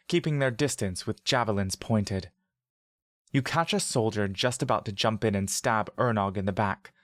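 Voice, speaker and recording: A man reading a scripted second-person fantasy story in a steady, vivid storytelling manner. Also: fairly low pitch, no echo, clean studio sound. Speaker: narrator.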